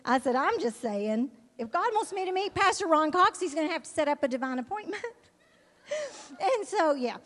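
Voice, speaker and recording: A woman from Alabama telling a lively testimony as a missionary, laughing often and acting out the people she quotes. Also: extremely high pitch, a little fast. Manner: animated, laughs often, acts out quoted voices. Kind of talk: storytelling testimony to an audience. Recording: long hall reverb.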